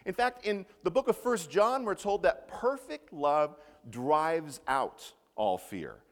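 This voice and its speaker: A male pastor delivers an expressive sermon, reading scripture and posing rhetorical questions. His voice sits a little high and moves with animated swings in pitch. The sound carries a long reverb, like a large church hall. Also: normal speed, few pauses.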